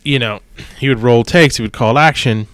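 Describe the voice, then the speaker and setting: A man's voice: mid-range voice, normal speed, smooth, dry recording. A man on a podcast telling a story in casual chat, acting out the people he quotes. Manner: animated storyteller, acts out quotes. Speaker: podcast host.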